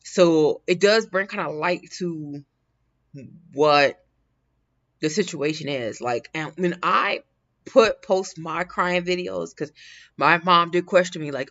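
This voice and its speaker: A woman's voice: fairly low pitch, animated, moderate pace, vocal fry, a bit bright. A woman hosting a casual livestream, talking in a rambling way with frequent laughs and restarts. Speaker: livestream host. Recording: dull lo-fi sound.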